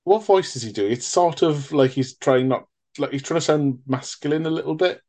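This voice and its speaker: A man's voice: fairly high pitch, moderate pace, dark tone. A man in a casual, rambling film chat, swearing freely and restarting sentences. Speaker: podcast co-host.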